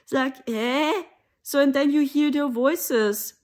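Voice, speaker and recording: A woman's voice: high voice, slow pace, darkish tone. A woman from Germany with a German accent, talking in a rambling, conversational monologue for her own channel. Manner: rambling, conversational, with mocking asides. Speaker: spiritual channel host. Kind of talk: casual spoken monologue.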